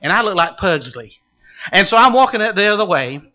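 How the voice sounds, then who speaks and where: A man preaching a sermon, swinging from loud calls to hushed low asides. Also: sing-song, normal speed. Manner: dramatic shifts from shouting to hushed low tones.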